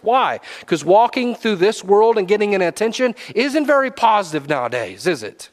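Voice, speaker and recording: A man preaching a sermon, swinging between loud exhortation and low, quiet asides. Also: very animated, normal speed, hardly any pauses.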